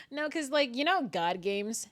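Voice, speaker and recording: A woman streamer chatting casually and rambling nervously, with frequent giggles. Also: sits high. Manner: animated and giggly, frequent laughter; self-described very nervous, rambling with restarts. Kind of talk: casual live-stream chat.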